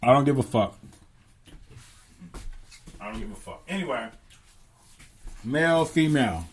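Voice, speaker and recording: Man host, slow meandering comic ramble, mid-pitched. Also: expressive. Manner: meandering, self-correcting, profane. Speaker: podcast host. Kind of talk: rambling comedic podcast chat.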